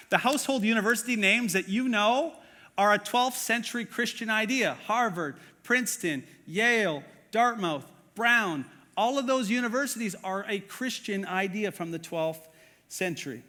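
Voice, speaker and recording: A man's voice: high-pitched, moderate pace, bright, forceful tone, big-room sound. A man preaching a sermon as pastor, earnest and conversational, with many fillers and questions to the congregation. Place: church auditorium.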